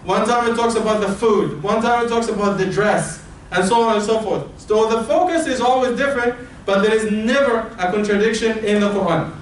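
Egyptian-accented male imam, fairly high voice, explanatory sermon, captured far off in a booming mosque hall. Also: brisk. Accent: Egyptian Arabic. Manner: explanatory, uses everyday comparisons. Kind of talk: Friday sermon. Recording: booming echo from far off, faint room hum.

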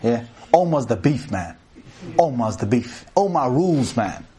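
A man giving a sermon to a live audience, animated and joking, asking the crowd questions and reciting verses in Arabic. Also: mid-range voice, measured pace. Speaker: preacher.

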